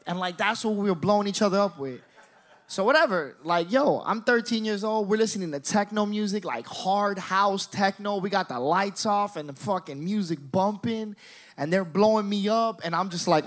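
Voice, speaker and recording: High-voiced young man telling a wild story. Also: moderate pace. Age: 20s. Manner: animated, profane, addresses the crowd directly. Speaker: stand-up comedian. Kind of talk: stand-up storytelling.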